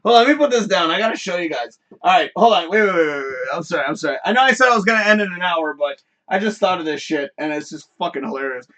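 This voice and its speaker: A man's voice: high voice, animated, fast, few pauses, a bit bright. A man hosting a live stream, telling a story in a casual, profane rant and laughing often. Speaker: host.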